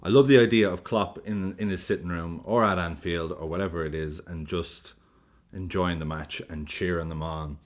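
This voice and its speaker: A man with a low voice talks through a reaction video in a loose, joking way, swearing now and then. His delivery is animated and casual. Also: moderate pace. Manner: animated, jokey, swears freely. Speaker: football reaction video host.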